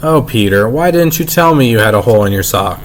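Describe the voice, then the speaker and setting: A man voicing a fussy, worried mother who talks to her small son slowly and firmly. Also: medium pitch, lively intonation, a little hiss or hum, close to an everyday voice. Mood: fretting. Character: fussy worried mother, middle-aged woman.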